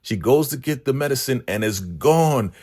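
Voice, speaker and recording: A man casually recapping a TV episode and quickly putting on the voices of the characters he quotes. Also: mid-range voice, expressive, a little mellow. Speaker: recap channel host. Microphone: podcast microphone.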